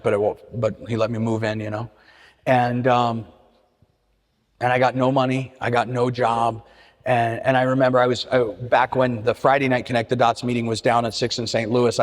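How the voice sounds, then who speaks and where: A middle-aged man telling his recovery story at a meeting, earnest, with frequent restarts and repeated words. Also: mid-range voice. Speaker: AA meeting speaker. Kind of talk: personal recovery talk. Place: church meeting hall. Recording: hall reverb.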